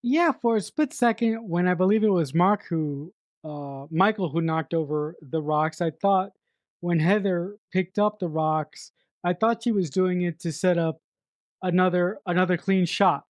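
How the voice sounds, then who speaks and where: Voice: mid-range voice, a little slow, dry recording. Emphatic middle-aged podcast host, dry sound. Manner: emphatic, repeats words for effect, swears freely. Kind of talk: casual film review chat.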